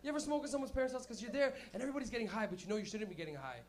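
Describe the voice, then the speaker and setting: Speaking high and at a racing clip, this young comedian emcees a little club show in front of a live crowd. His set is rowdy and loose, packed with profanity and quotes he performs out loud.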